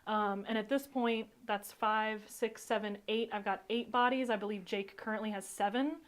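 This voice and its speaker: A woman's voice: mid-range voice, steady tone, moderate pace. A woman playing a tabletop wargame on a live stream, chatting casually, laughing often and talking through her moves. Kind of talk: casual live battle report chat.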